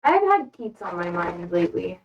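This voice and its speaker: A woman's voice: on the low side, big pitch swings, normal speed, muffled recording, slight background noise. Young American woman streamer, playful and self-deprecating, slightly distant from the mic. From United States. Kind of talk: casual chat while repotting plants.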